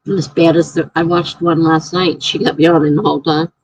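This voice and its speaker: A woman's voice: sits low, level tone, fairly quick, darkish tone, husky, no echo, low-quality recording. A woman hosting a casual writing livestream. She chats, laughs often, thinks aloud and reads viewer comments out.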